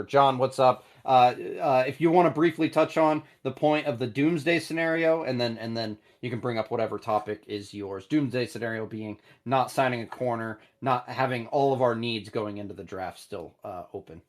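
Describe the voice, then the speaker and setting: A man hosting a casual live call-in fan show, talking in an animated, blunt way with some swearing. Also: medium pitch.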